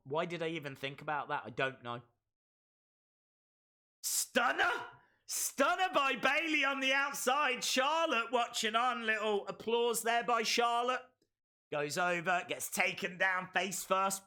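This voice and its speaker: Male streamer, excitable play-by-play host; high, very bright voice. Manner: excitable play-by-play, bursts into shouts. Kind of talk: live reaction commentary.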